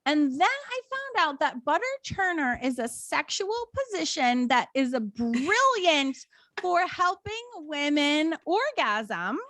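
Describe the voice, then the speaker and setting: A woman's voice: sits high, takes it slowly, dry recording. An American woman co-hosting a podcast, casually retelling an old folk tale and reading passages aloud. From United States. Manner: animated storyteller, reads out old tale with put-on voices. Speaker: podcast co-host.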